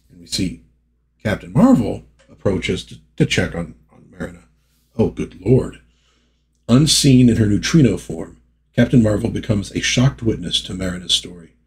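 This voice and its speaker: A man with a low, husky voice talks through an old comic in a chatty way. He keeps drifting into asides and fillers while reading the panels aloud. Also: measured pace. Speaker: comic book reviewer.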